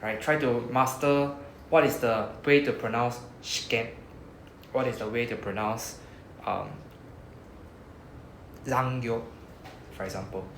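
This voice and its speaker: A man's voice: medium pitch, fairly even intonation, unhurried, pauses often, reverberant, a little hiss or hum. A man with a Singaporean English accent teaching a Japanese class in a chatty, casual way, drawing out sounds as he models words.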